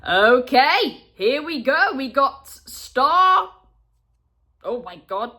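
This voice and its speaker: A young adult woman hosting a retro gaming vlog, talking to viewers in a heartfelt, chatty way, full of fillers and quick laughs. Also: sits high, very animated, pushed and bright, soft background music. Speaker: retro gaming channel host. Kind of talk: casual vlog chat to viewers.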